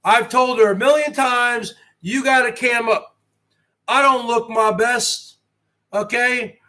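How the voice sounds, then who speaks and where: Guy with a real high bright voice doing his live stream, talks slow, brags like a wrestling promo. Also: fairly even intonation. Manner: boastful wrestling-promo bravado, rhetorical questions. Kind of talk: rambling live-stream chat.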